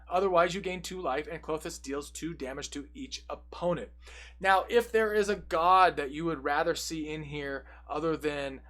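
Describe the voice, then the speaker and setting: A man's voice: fairly high pitch, fairly bright tone. Upbeat man reading out card text. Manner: reads card text aloud between quick, jokey asides. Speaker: deck tech presenter. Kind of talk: casual card-by-card deck walkthrough.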